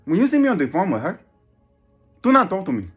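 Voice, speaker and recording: A man voicing a brash, loud Spanish-speaking character named Felipe. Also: high-pitched, wildly swooping pitch, fast talker, husky, soft background music, pitched above the performer's own voice, exaggerated voice.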